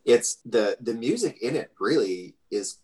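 A man's voice: mid-range voice, animated, a little slow, a little mellow, poor audio. A man talking through a film in a casual podcast chat, thoughtful and hedging.

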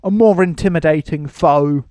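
A man's voice: on the high side, moderate pace, a little mellow, no echo. A man hosting a casual podcast about films, rambling with frequent laughs and restarts. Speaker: podcast host. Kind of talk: casual film-review chat.

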